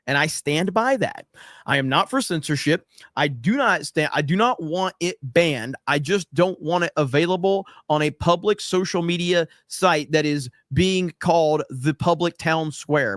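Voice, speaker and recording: A man's voice: sits high, a bit bright, no echo, clean studio sound. A man hosting a casual livestream, reading viewer super chats aloud and ranting in a brash, profane, emphatic way. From United States.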